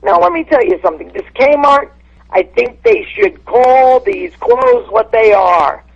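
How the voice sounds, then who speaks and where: A woman's voice: sits high, big pitch swings, a little slow, creaky. Brash woman on a muffled phone line. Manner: blunt, brash insult-comic delivery. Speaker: guest comedian calling in. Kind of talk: phone-in podcast chat.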